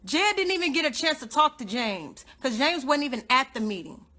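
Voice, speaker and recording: A young woman ranting on a live social media stream with a high, sharp, bright voice. She is emphatic and confrontational and hammers her points again and again. Her delivery swings from loud outbursts down to low, muttered asides. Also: very animated, fairly quick. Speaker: godmother and activist livestreamer.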